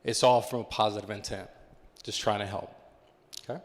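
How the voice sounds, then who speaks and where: A man's voice: fairly low pitch, steady tone, a little fast. A man giving a motivational talk to a live audience, engaging the crowd with questions. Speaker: keynote speaker. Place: conference hall with live audience. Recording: long hall reverb.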